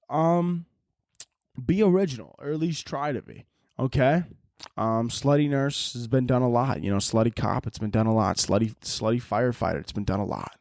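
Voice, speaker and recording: A man's voice: mid-range voice, normal speed, gravelly, a little mellow, no room sound, clean studio sound. A man hosting a solo podcast, rambling through listener questions with crude, self-mocking jokes. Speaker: podcast host.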